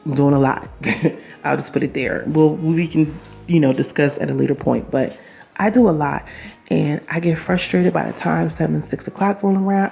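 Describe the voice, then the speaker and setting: A woman's voice: deep voice, steady tone, moderate pace, vocal fry, mellow, faint music behind. A young woman talking casually to camera as a vlogger, chatty and affirming, speaking straight to her viewers with laughs and asides.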